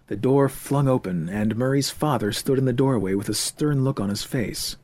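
A male audiobook narrator reads in a steady, even mid-range voice. The sound is dry and close, with no room around it. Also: medium pitch, normal speed, hardly any pauses, no echo. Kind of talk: scripted narration.

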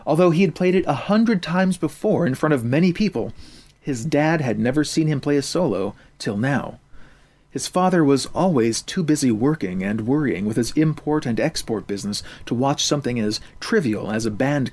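A man narrating a story in a steady, even reading voice. His pitch sits in a middle range for a man. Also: normal speed.

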